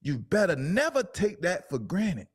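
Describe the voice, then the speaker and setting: A man hosting a talk show, giving casual, animated commentary on a clip with speech. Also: high-pitched, breathy edge. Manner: animated, laughing, drawn-out emphatic asides. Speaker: show host.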